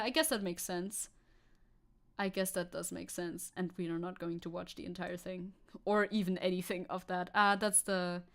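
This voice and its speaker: A woman hosting a live stream, chatting casually with viewers, rambling, repeating herself and laughing often. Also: mid-range voice. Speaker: streamer host.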